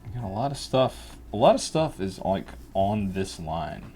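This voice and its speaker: A cartoonist casually talking through a drawing lesson in a relaxed, rambling way. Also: male voice, lowish voice, moderate pace, soft background music. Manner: relaxed, rambling, laughs often.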